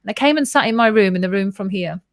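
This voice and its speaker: Talking fast in a mid-range voice, a woman on her podcast recounts something that happened to her, frank and lively, cursing liberally and acting out quoted lines. The sound is dry and studio-grade.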